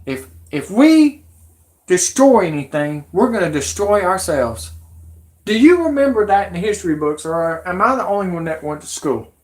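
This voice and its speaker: A man in his thirties hosting a live stream, rambling and growing agitated, with shouty outbursts. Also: sits high, animated, moderate pace.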